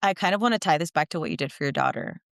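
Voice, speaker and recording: Laughing woman coach, low voice. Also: wildly swooping pitch, dry recording, studio quality. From United States. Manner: reflective, warm laughs, quick asides. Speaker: intuitive coach, podcast guest. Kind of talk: podcast conversation.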